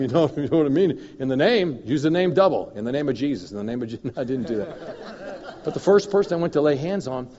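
A male guest minister tells stories from the pulpit, lively and chuckling, breaking into little sound effects. His voice comes through a dull, muffled recording with a long church-hall echo. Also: a little high. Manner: animated storyteller, chuckles, mouth sound effects. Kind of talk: sermon with personal storytelling.

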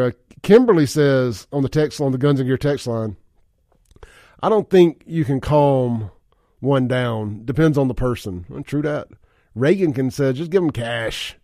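A man's voice: mid-range voice, mellow, dry recording. A man hosting a casual talk radio show in a studio, reading listener texts aloud and chuckling often. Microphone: studio microphone.

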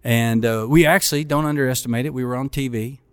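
A man's voice: medium pitch, fast talker, clean tone, no echo. Middle-aged guy telling a story, lots of voices, dry close mic, pastor chatting. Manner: animated storyteller acting out quoted voices. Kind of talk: storytelling in casual chat.

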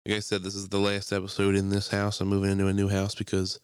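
A young man co-hosting a podcast, telling stories in a profane, animated way and putting on mocking voices. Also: lowish voice, fast, clean tone, dry recording, clean studio sound. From Philadelphia area. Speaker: podcast co-host. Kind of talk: casual chat.

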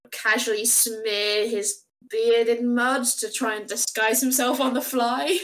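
A woman's voice: on the high side, fairly bright tone. Giggly woman at a tabletop game. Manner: giggly, self-deprecating. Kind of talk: casual tabletop role-play.

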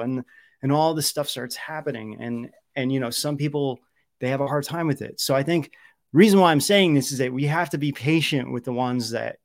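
Gravelly-voiced man hosting a live stream. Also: mid-range voice, no echo, studio quality. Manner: rambling, many fillers and restarts. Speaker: show host. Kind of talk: casual live-stream talk.

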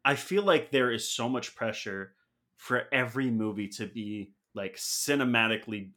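Bright, opinionated podcast man. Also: medium pitch, normal speed. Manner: opinionated, builds his points with "like". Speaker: podcast co-host. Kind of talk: casual chat, movie review.

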